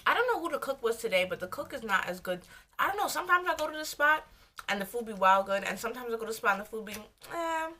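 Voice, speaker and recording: A woman's voice: a little high, sing-song, very fast, pushed and bright. A young woman, chatting casually and rambling while she eats for a mukbang vlog. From United States. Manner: rambling, loose and candid, talking while eating. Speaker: vlogger.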